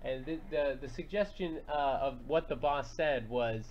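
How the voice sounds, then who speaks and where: A man on a video call slowly reading out a comedy suggestion in a dry way. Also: a little high, a little mellow. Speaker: improv comedy host. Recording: dull lo-fi remote audio with faint noise.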